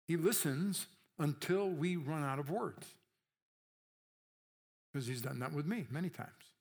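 A man's voice: a little high, expressive, a little slow, gravelly, darkish tone. A man preaching a sermon in a conversational way, often checking in with his listeners and acting out the voices he quotes.

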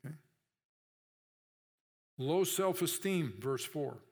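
A man's voice: a little high, slow. A man preaching a sermon in a conversational way, often checking in with his listeners and acting out the voices he quotes.

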